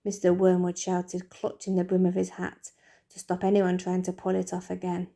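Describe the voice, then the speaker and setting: A woman teacher reading a children's book aloud in a lively, expressive way. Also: lowish voice, moderate pace, gravelly.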